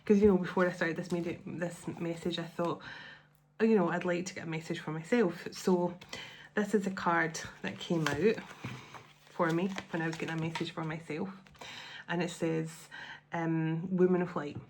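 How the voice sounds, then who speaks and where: A woman's voice: fairly low pitch, fairly even intonation, moderate pace, a little hiss or hum. A woman hosting a spiritual tarot channel, talking to her viewers at home in a casual, heartfelt and emotional way, often restarting her sentences. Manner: emotional, rambling, with many restarts.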